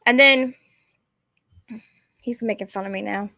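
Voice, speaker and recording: A woman's voice: mid-range voice, unhurried, gravelly, pushed and bright, no room sound, studio quality. A young woman, ranting casually and rambling, often apologizing and putting herself down. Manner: rambling, apologetic, self-deprecating. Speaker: vlogger.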